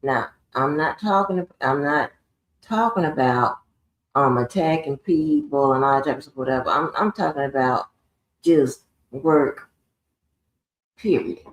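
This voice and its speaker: A woman hosting a live stream delivers a profane, confrontational rant, swearing heavily in a roomy, echoey room. Her voice is low and a little slow, with long pauses.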